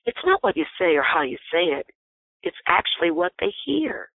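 A woman guest explaining body language in an interview, speaking in an animated, emphatic, teacherly way. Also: lowish voice, normal speed, no room sound. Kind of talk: interview on a phone call. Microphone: phone. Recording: tinny phone line, dry.

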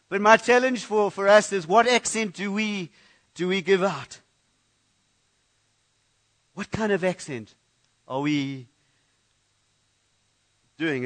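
A man with a high voice preaches a sermon in a church. He talks in a loose, conversational way, often going back to repeat a word before he carries on. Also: fairly bright tone. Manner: conversational preaching with frequent restarts and repeated words. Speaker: pastor.

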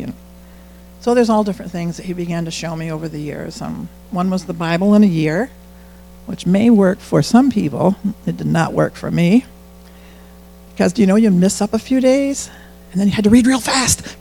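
A middle-aged man speaks to a congregation in a loose, confiding way, stepping into his own remembered prayers as he goes. His voice sits high for a man and catches often into a gravelly creak. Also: moderate pace, mellow, slight background noise, rough recording. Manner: conversational, candid, quotes own prayers aloud. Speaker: church speaker sharing testimony. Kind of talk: informal sermon testimony.

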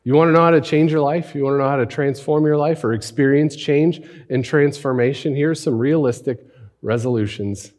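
A man's voice: on the high side, moderate pace, a little mellow. A man preaching a sermon as pastor, conversational, often asking rhetorical questions and adding "right?".

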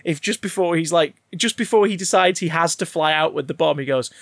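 A man's voice: a little high, a little fast, hardly any pauses, dry recording, studio quality. A man, casually ranting and riffing about a film on a podcast, swearing freely. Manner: animated, sweary, rambling. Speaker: podcast co-host. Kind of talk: casual film review chat.

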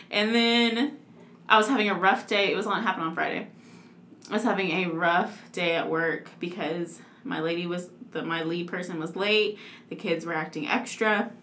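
A woman in her twenties telling a story in casual chat, animated and laughing, with lots of "like". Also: mid-range voice. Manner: animated, laughing, heavy use of "like". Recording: echoey room.

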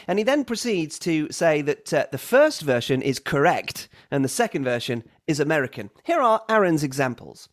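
A man's voice: on the high side, sing-song, normal speed, hardly any pauses. A man hosting a podcast, reading out listener emails with dry little asides in a casual chat. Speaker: podcast host.

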